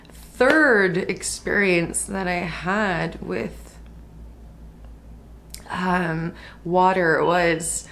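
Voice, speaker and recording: A woman in her thirties musing softly about a personal spiritual experience in a reflective vlog, with many fillers. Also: fairly low pitch, slight background noise. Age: 30s. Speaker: spiritual vlogger.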